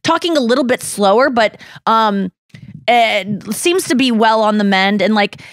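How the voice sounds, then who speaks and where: Woman, podcast host, animated storyteller who curses a lot, expressive pitch, close dry studio sound. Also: measured pace, no echo. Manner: animated storyteller, swears freely, acts out quotes. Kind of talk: casual chat.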